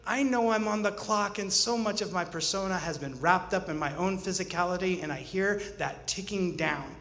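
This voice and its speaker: A man's voice: high voice, moderate pace, a bit bright. A man in his forties telling a personal story on stage, earnest with wry humor. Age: 40s. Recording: roomy hall reverb, faint ambience.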